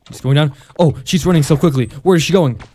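A man giving casual, joking commentary over gameplay. He laughs often and mixes sarcastic mock praise with excited outbursts. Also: a little high, quick pace, a little hiss or hum.

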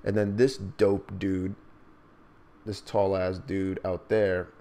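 A man's voice: low voice, level tone, slow, gravelly, mellow. A man doing a live manga reaction, hyped and slangy, reading the dialogue in raised voices.

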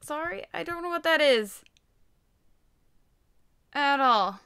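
A woman giving casual gameplay commentary while she builds, excitable and rambling, poking fun at herself. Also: sits high, takes it slowly, creaky. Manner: excitable, rambling, self-mocking. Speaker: Minecraft video creator.

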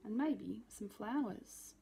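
A kind mother gently reassures her child with sensible suggestions, as a woman reads her part. The voice is warm in tone and slightly gravelly. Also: medium pitch, animated, slow pace. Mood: gentle.

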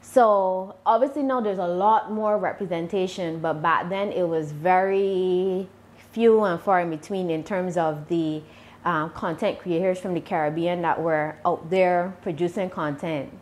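Barbadian woman, deliberate speech. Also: fairly low pitch, fairly even intonation. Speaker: YouTuber guest. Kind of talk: casual interview answers.

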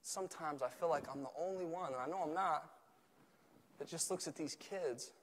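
A man, a youth pastor preaching a sermon, switching between shouted passages and quiet, chatty talk. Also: a little high, moderate pace, slight background noise. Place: church. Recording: echoey church hall.

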